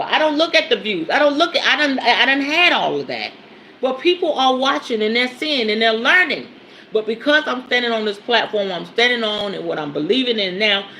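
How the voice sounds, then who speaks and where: A woman hosting a spiritual talk show, speaking in a casual, emphatic teaching style with frequent swearing and laughter. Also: slight background noise. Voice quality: lively, animated pitch swings. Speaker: podcast host and spiritual teacher. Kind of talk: casual spoken teaching monologue.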